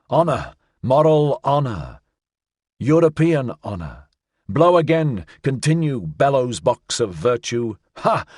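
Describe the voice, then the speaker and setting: A man's voice: medium pitch, slightly rough, dry recording, clean studio sound, heavily acted. A man reading the part of a wanderer's shadow who sings a mock-pious desert song with declamatory, swinging delivery. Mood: bombastic. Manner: declamatory, swinging between hushed and loud exclamations. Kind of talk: dramatic audiobook reading.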